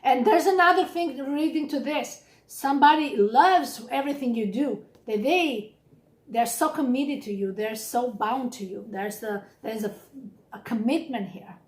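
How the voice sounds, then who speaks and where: A woman's voice: a little high, unhurried. A woman giving a casual, blunt and encouraging tarot reading straight to the viewer. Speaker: tarot reader. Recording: echoey room.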